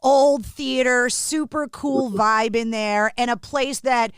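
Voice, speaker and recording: Woman, from Boston area, radio host, blunt banter, higher voice, dry close mic. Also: fairly even intonation, slow, smooth, dry recording. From Boston area, Massachusetts. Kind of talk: podcast interview.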